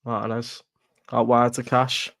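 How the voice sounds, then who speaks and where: A man chats on a live football watchalong stream. He rants bluntly, swears freely and laughs at his own points. His mid-pitched voice sounds dry and close to the mic. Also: flat delivery, a little slow, fairly bright tone, no echo. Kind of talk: casual live stream chat.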